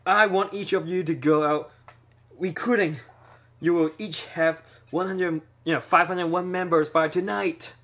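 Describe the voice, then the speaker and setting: A man voicing a shabby rival mob boss who loudly orders his crew around. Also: sits high, fairly even intonation, a little slow, voice pushed up, heavily acted. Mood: commanding. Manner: barking commands, loud and raised.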